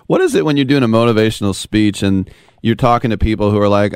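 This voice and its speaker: A man's voice: fairly low pitch, a little fast, a little mellow, smooth, no echo, clean studio sound. A man hosting a radio interview, asking enthusiastic, admiring questions. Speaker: radio show host.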